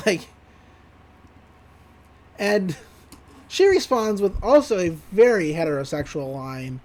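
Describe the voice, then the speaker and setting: A woman's voice: medium pitch, animated, slow pace, pauses often, darkish tone. A woman co-hosting a podcast, recapping an episode in casual chat, laughing often and swearing freely. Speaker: podcast co-host.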